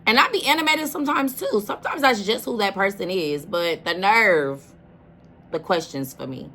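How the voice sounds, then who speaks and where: A woman's voice: medium pitch, animated, moderate pace, sharp tone, slight background noise. A woman hosting a reaction video, talking casually and emphatically, often addressing the listener as "baby.".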